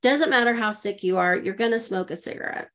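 A woman coach, a guest on an interview show, telling personal stories in a lively way and acting out the dialogue. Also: medium pitch, a little fast. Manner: lively, acts out quoted dialogue. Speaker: guest, intuitive leadership coach. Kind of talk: conversational storytelling.

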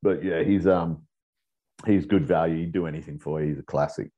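A deep, low-voiced Australian man spins rambling, profanity-laced anecdotes as a podcast guest. His tone is dark and mellow, and his delivery is loose and animated. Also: brisk, highs cut off. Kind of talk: casual storytelling.

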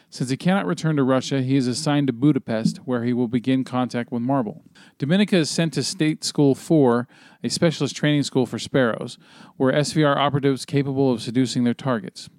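A man's voice: medium pitch, a little mellow, clear, resonant tone, dry recording, clean studio sound. A man hosting a podcast, recapping a film plot in a loose, rambling way, full of fillers and casual swearing. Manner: rambling with many ums and swearing, reading a plot summary. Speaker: podcast host.

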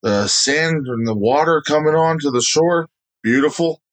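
A man's voice: a little high, moderate pace, rough recording. A man from Canada co-hosting a casual game review podcast, blunt and swearing freely. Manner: profane, joking, blunt. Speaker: podcast co-host.

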